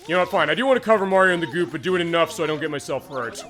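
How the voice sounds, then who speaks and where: A man's voice: a little high, lively intonation, very fast, fairly bright tone. A man hosting a game stream, chatting casually and rambling with many fillers while he plays. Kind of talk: casual let's-play commentary.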